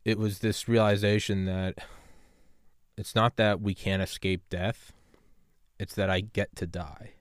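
A man hosting a podcast in casual talk, rambling and swearing, sliding between quiet musing and loud fired-up pep talk. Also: fairly low pitch, level tone, measured pace, pauses often, dry recording, clean studio sound. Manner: rambling, profane, swings from subdued to loud and fired-up. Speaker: podcast host. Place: home room with gaming setup.

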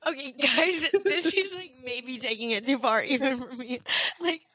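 A woman's voice: sits high, normal speed, pushed and bright, no room sound, studio quality. A young adult woman co-hosting a podcast, reacting expressively and dramatically in casual chat. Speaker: podcast co-host.

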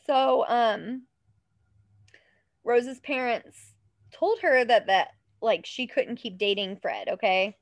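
A woman co-hosting a podcast, telling a story in casual chat, animated, laughing often and tripping over words. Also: on the high side, slow, long pauses, no room sound. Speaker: podcast co-host.

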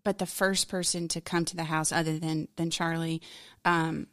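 A woman's voice: low voice, little pitch movement, moderate pace, fairly bright tone, dry recording, clean studio sound. A woman in a conversational interview, telling a personal story in a frank, candid, rambling way, full of fillers and emotion. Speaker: podcast guest.

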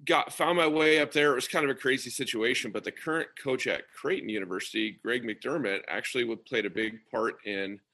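A man, relaxed and easygoing, talking in a sleepy early-morning voice on a remote call. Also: medium pitch, brisk, hardly any pauses. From Nebraska. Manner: relaxed, easygoing, frequent ums. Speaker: guest, high school coach and former athlete. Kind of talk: casual interview storytelling.

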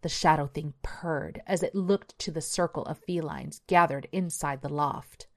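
Woman w/ a deep low voice reading a creepy horror story, slow and measured. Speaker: narrator. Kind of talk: scripted horror narration.

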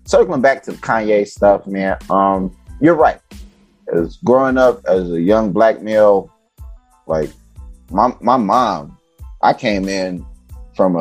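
A man's voice: lowish voice, breathy edge, dry recording. A man from Chicago, a podcast guest, telling stories in casual chat and acting out the people in them. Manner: animated, acts out voices of people in his stories.

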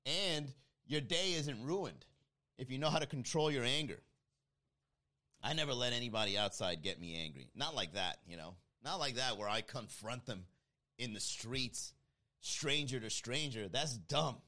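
A man's voice: mid-range voice, animated, moderate pace, sharp tone. A man hosting a casual stream, reading chat comments aloud and riffing on them with a lot of laughter. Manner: laughs often, loose joking banter. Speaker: host reading live chat.

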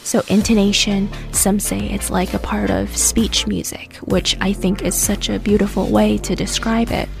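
Casting note: woman, gravelly low-edged voice, teacher explaining slowly, music bed behind. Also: level tone. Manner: gentle, explanatory, speaks slowly. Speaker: English teacher and host. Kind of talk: casual lesson talk. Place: based in the US.

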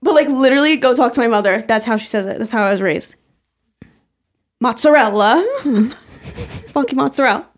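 A woman's voice: a little high, racing, hardly any pauses. A woman co-hosting a podcast in casual chat, swearing freely and laughing often. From New York. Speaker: podcast co-host.

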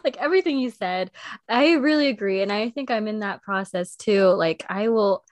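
A woman hosting a podcast who chats casually and agrees warmly with her guest. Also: mid-range voice, normal speed, dry recording. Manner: agreeable, affirming.

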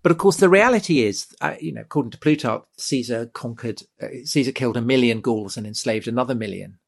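A man's voice: mid-range voice, fast, creaky. A man hosting a history podcast, talking enthusiastically with many ums and restarts. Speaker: podcast host. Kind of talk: casual podcast conversation.

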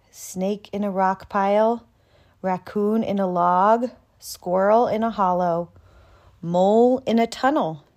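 Brief: young female host reading a children's book, unhurried, sing-song, plays the animal sounds. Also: mid-range voice, darkish tone. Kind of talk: storybook read-aloud.

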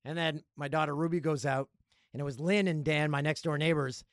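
A man hosting a podcast, telling stories in a casual, animated way and acting out other people's lines. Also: on the high side, fairly quick, dry recording, clean studio sound. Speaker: podcast host. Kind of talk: casual storytelling.

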